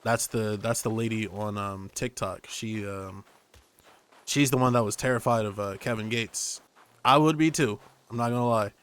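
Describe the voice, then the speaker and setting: A man's voice: on the low side, normal speed, fairly bright tone, clean tone. A young man streaming a game, rambling through jokes and tangents into his microphone. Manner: rambling, jokey, tangent-prone. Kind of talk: casual gaming commentary.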